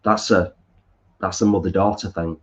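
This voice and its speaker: Northern English male co-host, lower voice, relaxed home live-stream chat, muffled audio. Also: normal speed. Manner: reads viewer comments aloud and replies. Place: home lounge.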